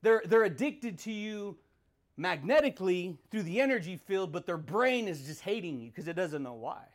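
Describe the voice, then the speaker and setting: Podcast host, male, high pitch, rambling motivational riff with laughs and catchphrases. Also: animated, moderate pace. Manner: rambling, laughs between points, swears; repeats catchphrases and calls listeners dude and baby. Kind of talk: motivational monologue.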